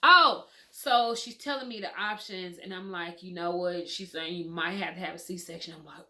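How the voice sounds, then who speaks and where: A woman's voice: lowish voice, normal speed, hardly any pauses, sharp tone. A young adult woman telling her birth story to viewers in a candid, emotional, casual storytime, swearing freely.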